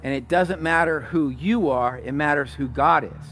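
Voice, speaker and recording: A man preaching a sermon as pastor, conversational, rising to loud emphatic peaks and dropping to soft low asides. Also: moderate pace, a little hiss or hum.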